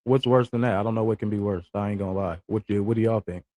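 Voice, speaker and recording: A man's voice: lowish voice, fast, darkish tone, no echo. A young American man giving blunt, slangy livestream commentary and asking his viewers questions. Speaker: livestream reaction host.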